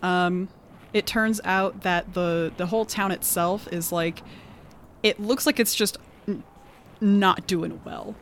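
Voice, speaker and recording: A woman with an accent casually recapping a tabletop game session, animated and laughing often, peppering her talk with "like". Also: lowish voice, slow, a little hiss or hum. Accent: non-standard accent of her own. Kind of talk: casual storytelling chat.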